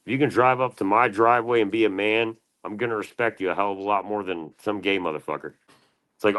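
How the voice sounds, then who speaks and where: Low-voiced man trash-talking on a livestream. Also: steady tone, quick pace, fairly bright tone. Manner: taunting, profane trash talk. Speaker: livestream host. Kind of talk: heated livestream banter.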